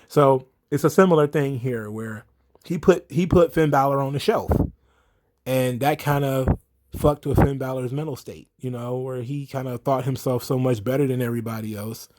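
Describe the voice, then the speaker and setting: A man's voice: mid-range voice, moderate pace, a little mellow. Casual, profane man recapping wrestling. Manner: loose, profane and laughing, acts out promo quotes. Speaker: wrestling commentary host. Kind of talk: casual solo recap commentary.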